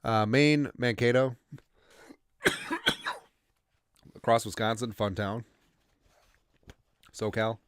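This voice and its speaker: A man hosting a casual sports livestream, rambling as he reads out viewer shout-outs, a little congested. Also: mid-range voice, very slow, pauses often, clean tone, no echo, clean studio sound. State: congested, coughing. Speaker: podcast host.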